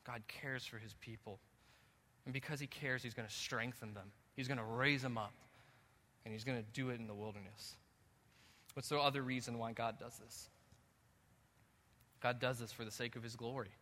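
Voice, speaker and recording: A male pastor preaching a sermon in a church, moving between calm teaching and loud, emphatic passages. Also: mid-range voice, normal speed, pauses often. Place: church sanctuary. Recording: echoey hall reverb.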